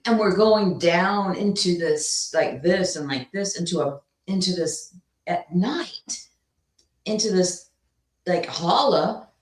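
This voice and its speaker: Woman co-host, animated storyteller, lowish voice, roomy sound. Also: slow pace, a little hiss or hum. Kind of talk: casual storytelling chat.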